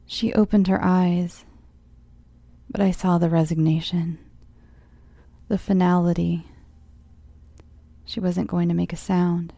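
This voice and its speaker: A woman reads a first-person horror story in a measured way and often sinks to a tense whisper. Her voice is low, gravelly and dark. It sounds dry and close to the mic. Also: little pitch movement, dry recording. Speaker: audiobook narrator.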